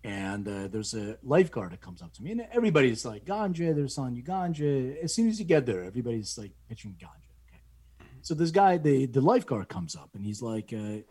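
A middle-aged man casually telling a family story, animated and acting out the voices of people he quotes. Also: quick pace, husky. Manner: animated, acts out quoted voices with rising pitch.

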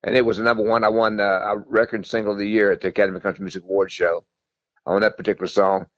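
Quick-talking older man telling stories. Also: fairly low pitch, level tone, dry recording, muffled recording. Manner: rambling, folksy, repeats himself. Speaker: guest, country singer. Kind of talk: storytelling interview.

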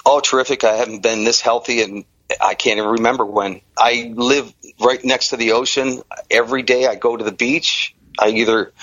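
Middle-aged guy from detroit telling his story, lively, dull dry lo-fi sound. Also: medium pitch, dry recording. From Detroit area, Michigan. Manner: animated storyteller, acts out quoted voices. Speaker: interviewee. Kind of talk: personal story in an interview.

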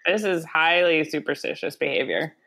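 A woman's voice: sits low, moderate pace, gravelly, a bit bright. A woman co-hosting a podcast in casual chat, sarcastic and swearing, telling stories with animation. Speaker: podcast co-host.

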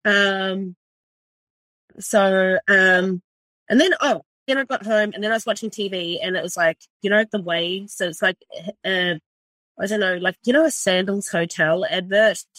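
A woman's voice: mid-range voice, unhurried, fairly bright tone, no room sound. A middle-aged woman chef from New Zealand with a New Zealand accent, talking in a casual, rambling way with lots of swearing and fillers. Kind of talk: casual interview.

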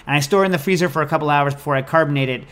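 A podcast host rambles through listener questions in a loose, jokey, animated way. His voice sits a little high for a man. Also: very fast, clear, resonant tone. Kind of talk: casual chat.

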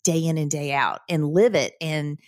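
A woman's voice: low voice, moderate pace, no echo, studio quality. A woman, a guest earnestly recounting a personal story in a podcast interview. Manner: earnest, vivid recounting with quoted inner thoughts. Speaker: guest, credit union CEO.

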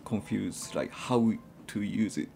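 A man who is a chef, chatting as a guest in an interview and speaking in halting, simple phrases with many fillers. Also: fairly low pitch, creaky, dark tone, breathy edge, soft background music. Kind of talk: casual interview chat.

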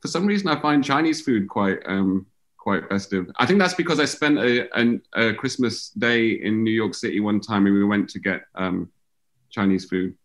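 A man's voice: lowish voice, animated, moderate pace. A man, a musician guest on a video call, talking in a rambling, hesitant way full of fillers. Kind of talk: casual conversation.

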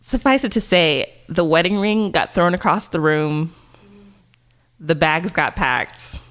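Woman, low voice, podcast co-host, animated storyteller. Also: a little slow. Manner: animated storytelling, acts out quoted lines. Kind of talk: casual chat.

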